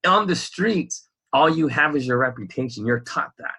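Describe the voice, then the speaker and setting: A man co-hosting a loose conversational podcast, rambling and animated, who breaks into laughter often. His voice is forceful and tense with a husky rasp. He sounds like someone thinking out loud. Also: medium pitch, normal speed. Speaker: podcast co-host.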